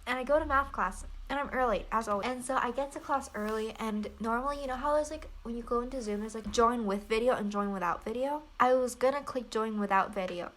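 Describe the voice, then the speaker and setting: A woman's voice: on the high side, fast, few pauses, fairly bright tone, low-quality recording. A young woman co-hosting a casual podcast, telling a story in a chatty, laughing way. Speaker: podcast co-host. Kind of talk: casual chat.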